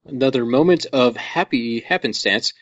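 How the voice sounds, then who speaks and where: A man's voice: medium pitch, normal speed, a bit bright, no echo. A man co-hosting a podcast, chatting casually and enthusiastically about a movie, with some swearing and joking. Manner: enthusiastic, profane, jokey. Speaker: podcast co-host. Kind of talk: casual movie commentary chat. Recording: dull lo-fi dry sound.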